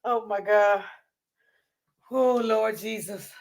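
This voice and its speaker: A woman's voice: mid-range voice, takes it slowly, vocal fry. A woman hosting a casual live stream and reading the chat out. She laughs often, calls on the Lord and swears freely.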